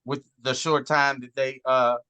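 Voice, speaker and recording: A man, talking casually and earnestly as a guest, animated and swearing now and then. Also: medium pitch, measured pace, clear, resonant tone, no room sound. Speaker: guest on a wrestling talk show. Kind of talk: casual heartfelt chat.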